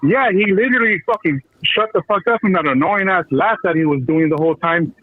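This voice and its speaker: A fired-up man rants through a tinny phone line, swearing constantly and piling up slang. His voice sits a little high and sounds husky and dry. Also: a little fast, no echo. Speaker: caller. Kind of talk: heated call-in rant.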